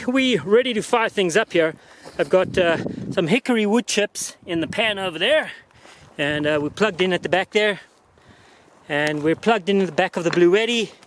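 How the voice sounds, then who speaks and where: A man's voice: high voice, a little hiss or hum. A man vlogging outdoors on a mountainside, casually reviewing gear in a folksy, joking, chatty way.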